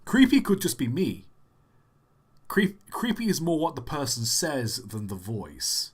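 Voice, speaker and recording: A man's voice: medium pitch, wildly swooping pitch, unhurried, husky. A man on his live stream, casually chatting and joking as he reads out viewer comments, laughing often. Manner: rambling, jokey, laughs often.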